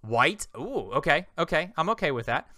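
A man in his thirties co-hosting a podcast, chatting casually and quizzing his co-host with teasing rapid-fire questions. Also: on the high side, sing-song, bright, forceful tone, no room sound, clean studio sound. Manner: playful, teasing quizmaster. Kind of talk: casual chat.

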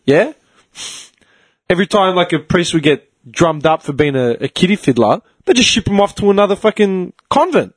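A man's voice: sits high, sing-song, normal speed, dry recording. A young Australian man chatting casually as a podcast host, swearing freely and laughing often. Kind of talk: casual chat.

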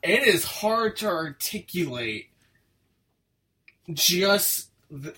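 A man's voice: high voice, very animated, drawn-out words, pushed and bright. A man co-hosting a casual film review podcast, chatty and teasing. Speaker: podcast co-host.

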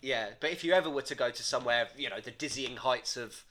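A man's voice: mid-range voice, fast talker, bright, forceful tone, faint music behind. A young man, co-hosting a casual comedy chat with lots of swearing and teasing. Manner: swearing, teasing, game-show banter. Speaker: podcast co-host.

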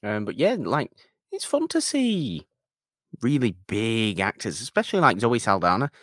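A man's voice: mid-range voice, very animated, normal speed, fairly bright tone, no echo, clean studio sound. A British man co-hosting a podcast, chatting casually in a playful, mock-offended way. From Britain. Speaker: podcast co-host. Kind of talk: casual chat.

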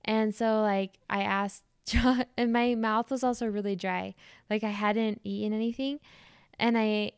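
Smooth-voiced young woman podcast host. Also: mid-range voice, darkish tone, no echo, clean studio sound. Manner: chatty, many "like" fillers, laughs through story. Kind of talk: casual storytelling chat.

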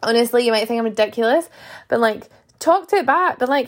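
A young fitness coach delivers a motivational monologue on her podcast in a slightly high, expressive voice, speaking briskly. She addresses listeners earnestly and performs small inner voices as she goes.

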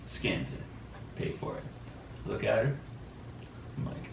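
A man telling travel stories in casual chat, animated and quick to act out what people said. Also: lowish voice, creaky, a little hiss or hum. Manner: animated storyteller, quotes people in lively voices. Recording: roomy, distant mic with faint background.

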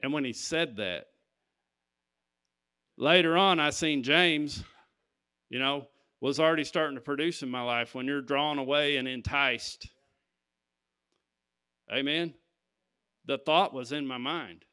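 Bright-voiced man preaching a testimony. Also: mid-range voice, unhurried, long pauses, smooth. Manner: storytelling, calling out "Amen?" to the congregation. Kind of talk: sermon testimony.

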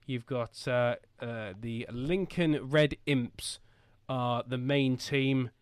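A man's voice: mid-range voice, takes it slowly, smooth, no room sound, clean studio sound. A man hosting a casual football podcast from home, joking and rambling with lots of fillers. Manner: jokey and rambling, with many fillers. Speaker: podcast host.

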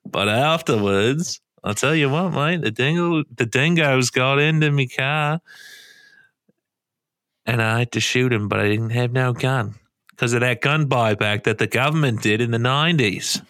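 A man's voice: medium pitch, unhurried, a bit bright, no room sound, studio quality, close to an everyday voice. A man voicing a boozy, rowdy Australian bloke with a rambling, crude, swaggering manner.

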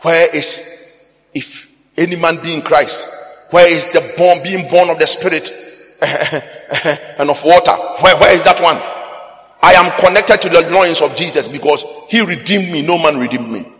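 A man with a Ghanaian accent preaching a sermon, mixing English with Twi and breaking into sudden loud bursts. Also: fairly high pitch, a little slow. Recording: long hall reverb.

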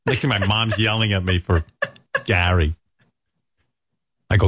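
A man's voice: sits low, unhurried, a bit bright, no echo, clean studio sound. A middle-aged man hosting a radio show, bantering wryly and swearing casually. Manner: wry, joking, swears casually. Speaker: radio host.

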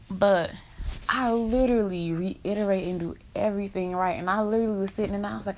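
A woman's voice: mid-range voice, steady tone, fast, slight background noise. A young woman in an emotional vlog rant, venting in raw, profane country slang.

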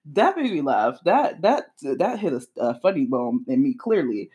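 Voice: mid-range voice, very animated, mellow. Sarcastic pop culture commentator reading a post aloud, cutting in with laughing asides. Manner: sarcastic, laughs often, breaks in with quick asides.

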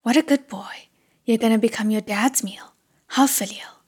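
A woman voicing a manic, cruel male ghost in a whispered role-play, shrill and mocking. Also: moderate pace, a little mellow, slightly rough. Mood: taunting.

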